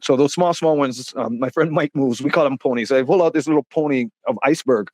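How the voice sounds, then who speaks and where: A man's voice: medium pitch, quick pace, darkish tone, dry recording. Rambling man telling stories, dry sound. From Canada. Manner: rambling, many fillers and restarts, acts out quotes. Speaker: interview guest, rapper. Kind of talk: casual storytelling interview.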